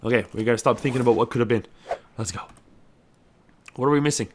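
A young man giving lively let's-play commentary on a survival game, talking to himself and his character. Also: mid-range voice, fast, a little hiss or hum. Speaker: gameplay commentator.

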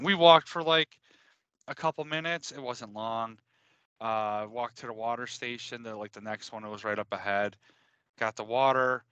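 Man, mid pitch, bright voice, animated casual podcast storyteller, dry studio sound. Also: moderate pace, clear, resonant tone, dry recording. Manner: animated, swears freely. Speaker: podcast co-host.

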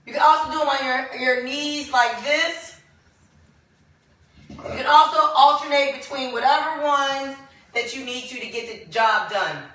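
A high-voiced woman runs a home workout class, counting reps and urging everyone on while she exercises and gets winded. She speaks slowly and brightly. The sound is very echoey, and she is some way from the mic. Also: far from the mic. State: out of breath during exercises. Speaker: fitness instructor. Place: home room with dogs.

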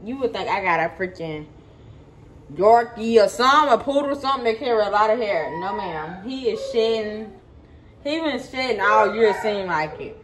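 A woman's voice: mid-range voice, animated, normal speed, a bit bright. A woman vlogging at home in her kitchen, chatting casually to her viewers and repeating points for emphasis. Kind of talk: casual chat to camera. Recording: noisy home recording.

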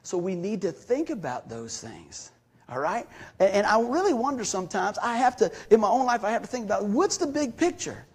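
A man preaching a sermon as pastor, folksy and animated, acting out everyday conversations as he tells stories. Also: sits high, a little fast, slightly rough. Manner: folksy, animated storytelling with acted-out dialogue.

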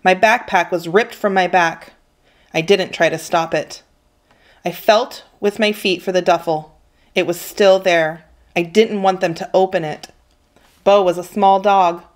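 A woman teacher reading a children's novel aloud with steady, expressive storytelling. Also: fairly low pitch, measured pace. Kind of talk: children's book read-aloud.

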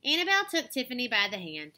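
A woman reading a children's chapter book aloud, with expressive, animated storytelling. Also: on the high side, fast. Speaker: storybook reader.

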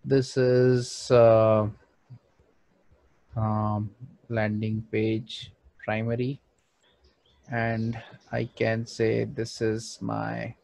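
Slow, gravelly-voiced man narrating a tutorial. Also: fairly low pitch, monotone, darkish tone. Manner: slow, thinking aloud with frequent fillers. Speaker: design tutorial instructor. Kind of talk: screen-recorded software walkthrough.

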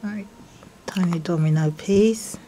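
A woman showing off craft mail from friends, gushing and excitable, with gasps and breathy whispered exclamations. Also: lowish voice, takes it slowly, soft background music. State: unwell. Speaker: craft vlogger opening mail from viewers. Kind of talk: casual unboxing vlog.

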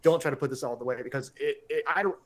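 A middle-aged man hosting a casual live-stream chat, rambling and excitable, with many restarts and some swearing. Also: mid-range voice, fast talker.

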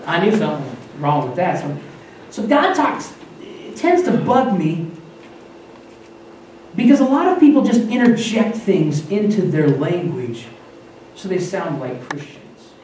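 Pastor talking in a very echoey room. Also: male voice, high voice, big pitch swings, a little slow, darkish tone, recorded from a distance. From Wyoming and North Dakota, US. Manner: conversational, self-interrupting, acts out quotes. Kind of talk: informal sermon talk. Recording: very echoey room, voice from afar, faint noise.

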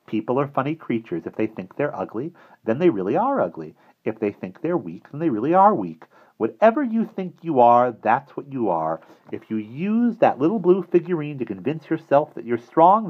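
A man voicing a small, soft-spoken, persuasive older man who talks in a purring, coaxing way. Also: breathy edge, lo-fi sound. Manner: purring, coaxing, high and animated.

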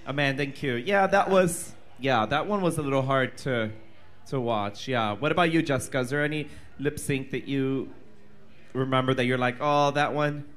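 A man co-hosting a drag viewing party in a bar, teasing guests loudly and bursting into shrieking laughter. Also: mid-range voice, moderate pace. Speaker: drag performer co-host. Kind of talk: casual panel chat. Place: bar viewing party before a live crowd.

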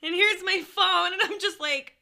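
Young woman, high bright voice, animated storyteller, crude and self-mocking, chatting to viewers. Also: normal speed, gravelly. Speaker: streamer telling a story. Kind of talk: casual storytelling to chat.

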